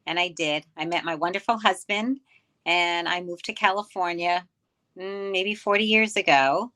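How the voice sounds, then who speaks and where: A woman's voice: fairly low pitch, sharp tone. An older woman from New York, a guest telling her life story in casual interview chat.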